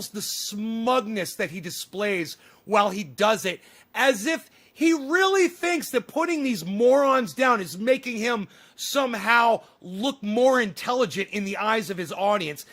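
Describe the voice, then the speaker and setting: A man's voice: very high voice, expressive, unhurried, fairly bright tone. A man ranting profanely and combatively at his livestream chat. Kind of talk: casual livestream rant.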